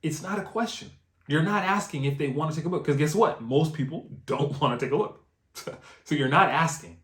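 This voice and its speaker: A man teaching door-to-door canvassing in an energetic, coaching way, repeating key phrases and checking in with "right?". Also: on the high side, normal speed. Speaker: canvassing trainer. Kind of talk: instructional video training. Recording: roomy echo.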